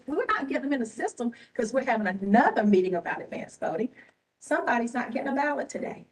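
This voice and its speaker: A woman's voice: a little high, far from the mic, poor audio. A tired woman, an elections official giving impassioned, repetitive, scolding remarks at a public board meeting. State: tired and emotional. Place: government meeting room.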